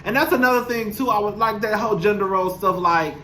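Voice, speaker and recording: Sassy, bright-voiced young man recapping gossip. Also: high voice, quick pace, slight background noise, low-quality recording. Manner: sassy, blunt, profane, talks straight to the viewer. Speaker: show recap commentator. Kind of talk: casual reality-TV recap monologue. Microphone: camera mic, speaking to camera.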